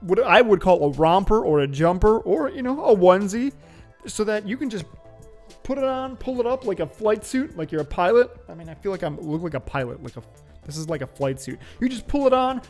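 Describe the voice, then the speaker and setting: A man's voice: high-pitched, expressive, a little fast, faint music behind. A man hosting his own show, chatting in a playful, joking, upbeat way. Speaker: host. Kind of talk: casual vlog commentary.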